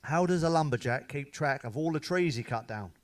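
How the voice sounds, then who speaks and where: A man's voice: fairly high pitch, expressive, a little fast, slight background noise. A middle-aged man telling one-liners and dad jokes as a stand-up comedian, cursing often and chuckling at his own punchlines. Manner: swears freely, laughs at his own jokes.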